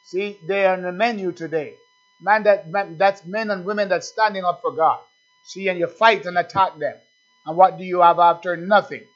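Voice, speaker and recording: Fervent preacher man, lo-fi sound. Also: steady tone. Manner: fervent, rising to shouted hallelujahs and dropping to low asides; halting with many fillers and restarts. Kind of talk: sermon. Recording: dull lo-fi recording.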